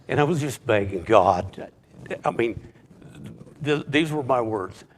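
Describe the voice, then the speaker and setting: A man telling his personal testimony in a halting way, stumbling over words and repeating them as he searches for what to say. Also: medium pitch, expressive, a little hiss or hum. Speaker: church member giving a testimony.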